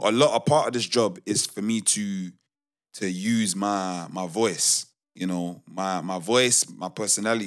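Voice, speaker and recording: A young man with a fairly low voice tells his stories casually, using slang and often stopping to restart his sentences. He gets lively as he goes, and his delivery stays loose and conversational. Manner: animated, slangy, many restarts. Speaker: podcast co-host. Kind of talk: casual storytelling chat.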